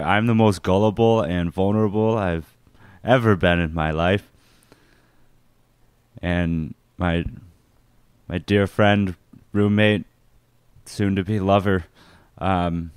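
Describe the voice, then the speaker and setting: A man's voice: sits low, smooth, dry recording, studio quality. A young man co-hosting a podcast, telling a story in casual chat, laughing often and swearing freely. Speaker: podcast co-host.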